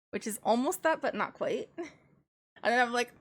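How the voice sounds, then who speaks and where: Woman VTuber, casual stream chat, slightly high voice, unhurried delivery, giggles often. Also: expressive. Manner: chatty, giggly, slow and drawn out.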